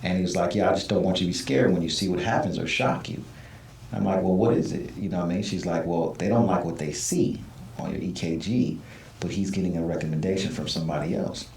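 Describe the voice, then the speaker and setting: Deep-voiced man telling a story, echoey room. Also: fast, a little hiss or hum. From Southern California. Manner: animated storytelling, acts out quoted voices. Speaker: guest. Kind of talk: casual storytelling in an interview. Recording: echoey room, mic at a distance.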